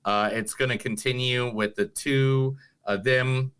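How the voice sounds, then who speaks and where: Bright, forceful guy co-hosting a casual podcast, jokey, runs through movie news. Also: mid-range voice, steady tone, a little slow, smooth. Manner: loose, joking, reads out entertainment news. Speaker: podcast co-host.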